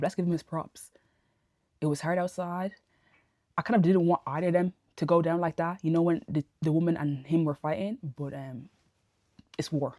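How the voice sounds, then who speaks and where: A woman giving a casual spoken TV review into a phone camera, ranting in an animated, exasperated way full of slang. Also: low-pitched, normal speed, no echo, studio quality. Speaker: TV review vlogger. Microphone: phone camera held close.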